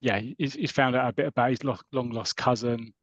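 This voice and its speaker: A British man on a podcast, chatting and retelling a comic story in a rambling, lively way. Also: mid-range voice, a little fast, no echo. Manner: chatty, rambling, lively when reading out characters' lines. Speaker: podcast host. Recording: dull lo-fi audio.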